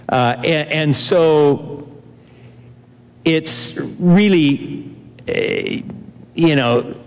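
A man's voice: on the high side, big-room sound. An older man preaching a sermon to his congregation, earnest and emphatic, often repeating key phrases for weight. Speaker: pastor.

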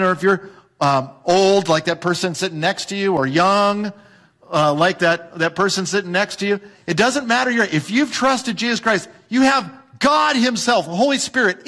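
A man's voice: sits high, a bit bright. Emphatic man preaching a sermon. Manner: emphatic, repetitive, rhetorical questions. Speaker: pastor. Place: church sanctuary with congregation.

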